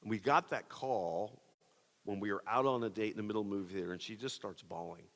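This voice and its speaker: A man's voice: fairly low pitch, quick pace, long reverb tail. A man pastor giving a sermon, telling a personal story in a casual, conversational way with many fillers. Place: church auditorium.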